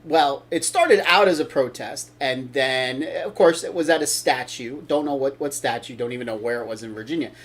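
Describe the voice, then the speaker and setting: A man's voice: mid-range voice, normal speed, few pauses, a bit bright. An older man hosting a casual opinion talk show, blunt and opinionated, rambling with restarts. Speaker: show host.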